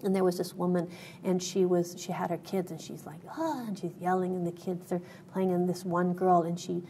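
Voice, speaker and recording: A woman's voice: lowish voice, flat delivery, a little fast, warm tone, slight background noise. A woman guest in an interview, telling a personal story in an earnest way, with many fillers and restarts.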